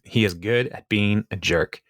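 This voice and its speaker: A man's voice: lowish voice, unhurried, fairly bright tone, no echo, studio quality. A man co-hosting a podcast, casually retelling a TV episode scene by scene, with lots of fillers and laughing as he quotes the characters. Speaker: podcast co-host recapping an episode.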